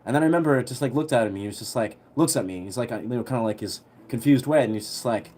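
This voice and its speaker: A young man telling a story on a livestream in a relaxed, rambling way, full of fillers. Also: mid-range voice, racing. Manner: rambling, heavy on fillers, laid-back.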